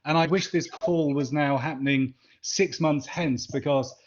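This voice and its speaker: A man's voice: fairly high pitch, steady tone, unhurried, a little hiss or hum. Rambling Englishman on a muffled call. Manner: rambling, repeats words, restarts. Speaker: interview guest, former assistant. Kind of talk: casual interview answers.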